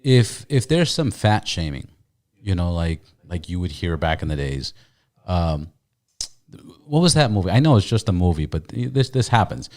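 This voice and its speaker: A man's voice: low voice, big pitch swings, moderate pace, darkish tone. A man hosting a podcast in casual chat, emphatic and profane, often repeating his words. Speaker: podcast host.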